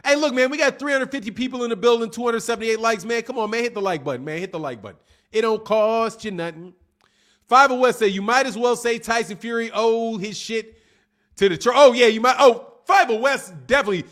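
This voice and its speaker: A man hosting a casual livestream, talking fast and teasing his chat in a cocky, rambling way. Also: very high voice, fairly bright tone. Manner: fast, rambling, with restarts and laughs. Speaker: livestream host.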